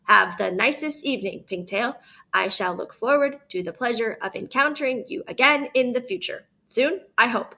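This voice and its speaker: A woman's voice: a little high, normal speed, vocal fry, sharp tone, heavily acted. A woman reading aloud, voicing a formal, stilted female robot in a storybook. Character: polite, stiff female robot.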